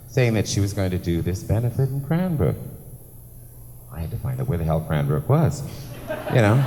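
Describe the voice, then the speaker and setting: A man emceeing live from a large theatre stage, his talk swooping up and down with lively, animated pitch. He gushes, chats and teases himself, dropping in a casual curse now and then. The hall's long reverb trails each phrase, over a faint hiss. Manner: gushing, chatty and self-mocking, with playful swearing. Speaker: master of ceremonies at a benefit concert.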